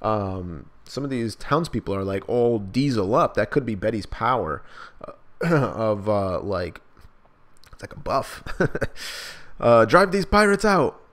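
A man's voice: on the low side, sing-song, a little slow, a bit bright. A man doing a live manga reaction, hyped and slangy, reading the dialogue in raised voices.

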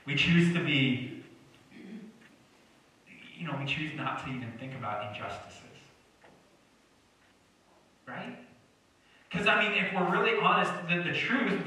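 A man's voice: fairly high pitch, normal speed, pauses often, bright, forceful tone. A young man preaching a sermon in a joking, conversational way, drawing replies from the congregation. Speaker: pastor. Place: church sanctuary. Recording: echoey church hall from far off.

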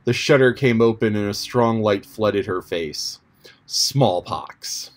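A man reading an audiobook chapter in a measured, descriptive manner. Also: lowish voice. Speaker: audiobook narrator. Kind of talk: audiobook narration.

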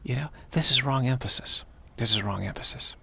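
A man with a rough, husky voice and a gravelly edge delivers a spiritual pep talk. He is earnest and halting, often restarting his phrases and repeating himself for emphasis. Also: mid-range voice, pushed and bright. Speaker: spiritual teacher.

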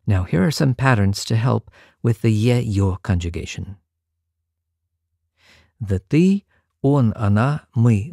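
A man narrating a scripted grammar lesson, explaining patterns clearly and saying example words carefully. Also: lowish voice, warm tone, no room sound, clean studio sound. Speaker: language teacher.

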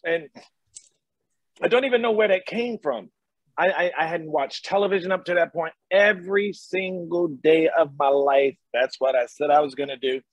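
A middle-aged actor from North Carolina, USA, is a guest on a video-call interview, telling stories emphatically and repeating phrases. His voice is a little high and moderately paced, and the audio is dull with no echo.

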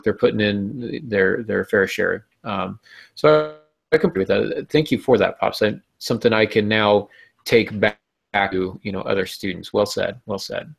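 A man with a somewhat low voice responds in a relaxed, reflective way on a writing podcast. He sounds agreeable and thoughtful, like a teacher talking to fellow writers. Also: vocal fry. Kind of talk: casual podcast discussion.

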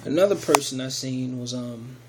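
A man gives a casual video testimony in a mid-range voice at a normal speed, with background noise behind him. He rambles, restarting often and using plenty of fillers.

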